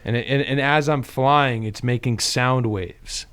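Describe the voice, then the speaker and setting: A man's voice: medium pitch, a little slow, fairly bright tone, clear, resonant tone. A man co-hosting a podcast in casual, joking chat, often slipping into silly voices. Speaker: podcast co-host.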